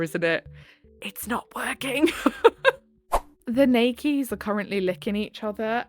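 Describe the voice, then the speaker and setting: A woman reading dating-app posts aloud, giggling and adding sarcastic asides. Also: on the high side. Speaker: channel host reading posts. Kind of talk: casual reading with commentary.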